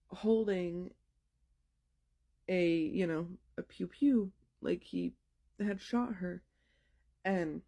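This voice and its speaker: A woman's voice: fairly low pitch, gravelly, dark tone. A woman casually retelling an eerie dream, rambling and filling her talk with "like". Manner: rambling, heavy use of "like". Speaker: storyteller. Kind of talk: casual retelling of a paranormal experience.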